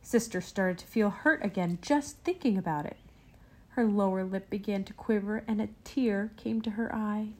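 A woman reading a children's picture book aloud with gentle, expressive storytelling. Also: mid-range voice, normal speed, rough recording. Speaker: storybook reader.

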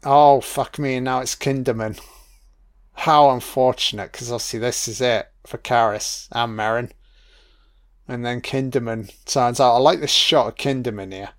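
A man's voice: mid-range voice, fairly even intonation, moderate pace. A man giving a casual film commentary, musing aloud with plenty of swearing and fillers.

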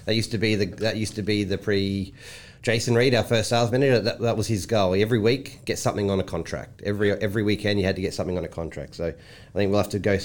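Aussie bloke co-hosting, lowish voice, teasing, keeps things moving. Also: male voice, steady tone, fast talker. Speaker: podcast co-host. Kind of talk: casual podcast chat.

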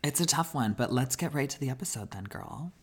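A woman co-hosting a podcast in casual chat, chatty and quick to laugh, often repeating herself. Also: a bass voice, expressive, slightly rough. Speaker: podcast co-host.

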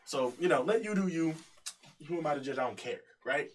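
A young man spins a story for his podcast in loose slang, keeps checking in with "right?" and breaks into laughs. His voice jumps around in pitch. He sits back from the mic, with a faint hiss under the sound. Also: animated, fairly quick. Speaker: podcast co-host. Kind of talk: casual chat, storytelling. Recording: distant mic, faint noise.

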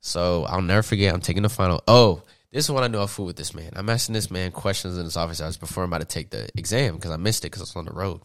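A young man from Atlanta, a podcast guest, telling stories in a casual, slangy, animated way and laughing often. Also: low-pitched, racing, few pauses, no room sound, studio quality. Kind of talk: casual storytelling.

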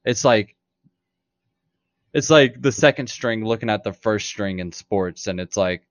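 A man's voice: on the low side, lively intonation, moderate pace, no room sound. A man co-hosting a podcast, arguing his point emphatically in casual chat and swearing freely. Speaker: podcast co-host.

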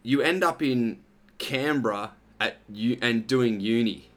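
A man's voice: medium pitch, unhurried. A man hosting a casual interview, rambling and heartfelt with friendly slang. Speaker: podcast host.

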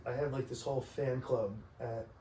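A man's voice: medium pitch, steady tone, dark tone. Casual cursing man, echoey podcast room. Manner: profane, chiming in with quick reactions. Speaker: podcast co-host. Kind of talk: casual chat. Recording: roomy, distant mic, faint noise.

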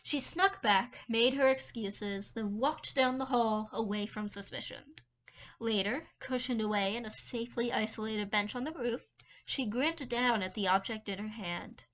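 A woman narrating a fan fiction story in a lively way, with some slips and restarts. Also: a little high, measured pace.

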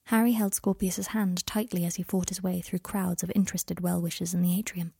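A woman narrates a story in an even, quiet manner. Her voice is husky and sits at a middle pitch. The recording is close and dry. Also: fairly quick, no echo. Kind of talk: storybook reading.

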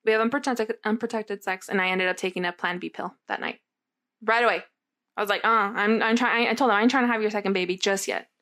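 A woman's voice: mid-range voice, fairly even intonation, fast talker, fairly bright tone. A young adult woman telling a candid personal story in casual chat, rambling and filling her talk with "like". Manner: rambling, heavy use of "like", candid and swearing.

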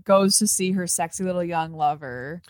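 A woman's voice: lowish voice, moderate pace, no echo, clean studio sound. A young adult woman co-hosting a podcast, chatting casually about a film, laughing often and swearing freely. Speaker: podcast co-host. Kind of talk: casual movie commentary chat.

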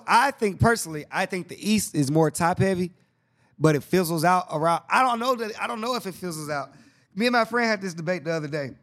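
Excitable and slangy, a podcast host drifts through an easygoing chat, restating his points repeatedly to make his case. His voice leans a bit high.

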